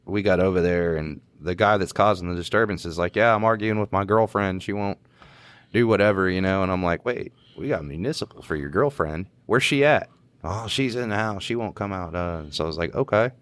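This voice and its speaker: Deep-voiced laid-back man. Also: a little fast, no room sound. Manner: laid-back drawl, chuckling, slangy. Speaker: podcast co-host, police officer. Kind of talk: casual storytelling chat.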